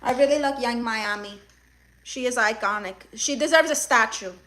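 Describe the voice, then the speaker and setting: Sassy high-voiced woman with Spanish-accented English. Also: moderate pace, sharp tone. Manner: sassy, mock-demanding, greets viewers by name. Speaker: livestream comedian. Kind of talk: livestream chat reading.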